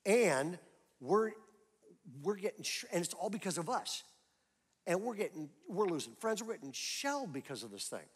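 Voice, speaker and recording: A middle-aged man preaching a sermon as pastor, telling a story and building to loud emphatic peaks. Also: sits high, very animated, moderate pace, breathy edge. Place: church auditorium.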